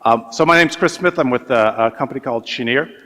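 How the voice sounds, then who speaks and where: A man speaking as a panelist at a business forum, measured and full of hesitations and restarts. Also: medium pitch, fairly bright tone. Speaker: panelist, energy company executive. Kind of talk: conference panel remarks. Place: large conference hall. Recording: reverberant hall sound.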